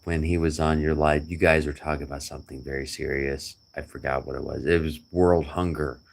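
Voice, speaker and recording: A man's voice: rumbling low, fairly even intonation, fairly quick, vocal fry. A middle-aged man chatting casually to a friend, rambling and joking with chuckles. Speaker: vlogger.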